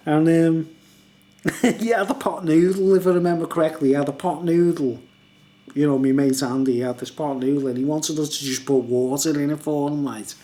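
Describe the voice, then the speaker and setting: A man's voice: on the high side, steady tone, moderate pace, pauses often, warm tone. Rambling man, laughs through his story, very casual. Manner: laughs often, rambling, asks "you know what I mean". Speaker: vlogger.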